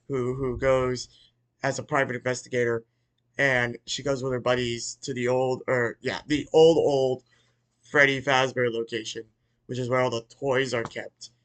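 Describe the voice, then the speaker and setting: Excitable man rambling through a recap. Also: medium pitch. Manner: rambling, profane, with many restarts; excitable, with sudden loud outbursts. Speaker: movie reviewer. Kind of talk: casual rambling movie recap.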